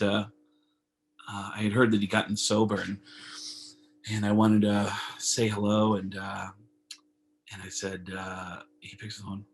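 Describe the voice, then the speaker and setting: A man, a comedian guest on a video call, telling stories in a casual, animated way and acting out phone calls. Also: on the low side, a little hiss or hum. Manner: animated storyteller, acts out phone calls in raised voices.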